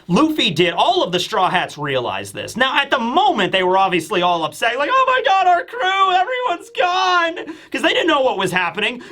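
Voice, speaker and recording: Excitable, high-voiced man reviewing manga. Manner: excitable, bursts into shouting. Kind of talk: casual commentary.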